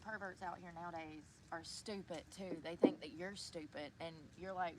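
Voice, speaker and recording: A woman's voice: lowish voice, fairly even intonation, moderate pace, heavy background noise. A woman talking to viewers on an outdoor livestream in a park, indignant and swearing a lot. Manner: indignant, profane, talks to viewers.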